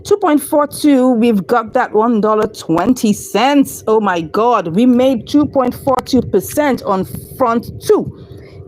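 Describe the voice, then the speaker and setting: A woman hosting a trading channel, talking viewers through her numbers step by step and getting excited at her gains. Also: fairly high pitch, takes it slowly, a little hiss or hum, poor audio. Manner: excitable, cheers and laughs at wins. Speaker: crypto trading channel host. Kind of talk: screen-recorded trading walkthrough.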